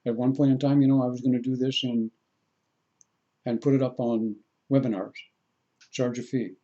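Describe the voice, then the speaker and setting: A man, a spiritual teacher, leading a guided meditation talk in a slow, deliberate way and repeating phrases for the listener. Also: mid-range voice, level tone, mellow, lo-fi sound.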